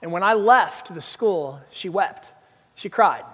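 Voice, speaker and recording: A man in his thirties delivers a sermon with a high, bright-pitched voice. He mixes humorous stories with emphatic preaching. The sound carries the long reverb of a large hall. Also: lively intonation, slow pace, breathy edge. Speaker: pastor.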